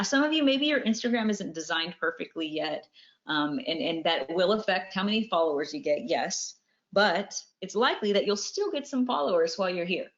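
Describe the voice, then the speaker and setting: Lower-voiced woman hosting a webinar. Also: a bit bright. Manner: reads out viewer questions and answers them, repeating cautions. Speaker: webinar host teaching music marketing. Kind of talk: live online webinar teaching. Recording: dull lo-fi webinar audio.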